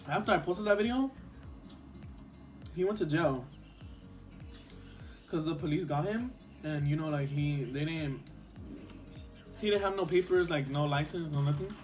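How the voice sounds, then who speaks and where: A young man telling a storytime vlog story in casual chat, rambling with lots of fillers and a few Spanish words. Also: sits high. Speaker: vlogger.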